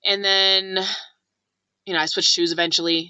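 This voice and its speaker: A woman's voice: on the low side, fairly quick, no room sound, lo-fi sound. A young woman from California telling a story in a casual vlog, chatty, full of "like", acting out what people said. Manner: chatty, lots of "like", animated quoting. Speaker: vlogger.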